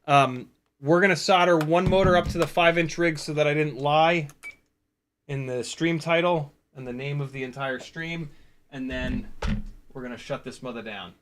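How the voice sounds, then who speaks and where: A man hosting a casual drone-hobby livestream, talking excitedly and swearing freely as he explains soldering step by step, often restarting his sentences. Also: fairly high pitch, moderate pace, noisy background. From United States. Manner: excitable, profane, rambling with restarts. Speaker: FPV drone livestream host.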